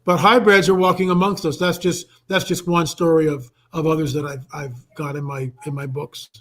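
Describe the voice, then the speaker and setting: An older man, a guest researcher in a live online interview, telling a story in an animated way and acting out the voices of the people in it. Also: on the high side, moderate pace, poor audio.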